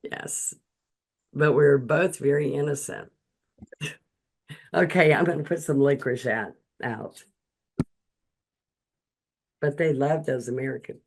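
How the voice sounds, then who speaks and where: A woman hosting a painting lesson over a video call, telling stories in an animated way and often laughing between steps of instruction. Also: a bass voice, slow pace, long pauses, slightly rough. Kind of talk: chatty storytelling and painting instruction.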